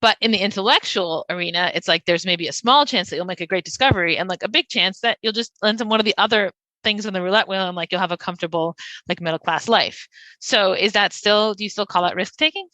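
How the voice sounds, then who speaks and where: Female philosopher co-host, bright voice, dry close sound, probing questions, filler-heavy. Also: medium pitch, fast talker, no echo. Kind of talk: casual intellectual conversation.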